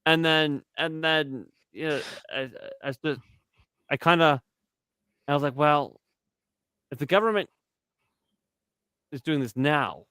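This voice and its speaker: A man's voice: a little high, a little slow, long pauses, sharp tone, clear, resonant tone, no room sound. Rambling, profane podcast man. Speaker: podcast co-host. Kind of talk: casual chat.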